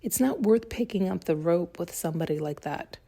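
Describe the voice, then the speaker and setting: A woman's voice: lowish voice, lively intonation, normal speed, creaky, mellow, slightly rough. A woman hosting a podcast, giving a blunt, heated solo monologue during an intuitive reading and swearing freely. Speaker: podcast host.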